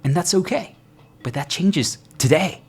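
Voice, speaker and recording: This motivational speaker talks a little slowly, with a breathy edge to his voice. Addressing his viewers earnestly, he repeatedly asks whether they're following and slips into quoted voices marked by abrupt pitch leaps.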